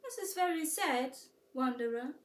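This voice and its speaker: A woman with a German accent voicing a gentle, wise little girl who speaks slowly and calmly in a soft voice. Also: sits high, pitched above the performer's own voice. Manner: soft, slow and calm. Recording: roomy echo, distant mic.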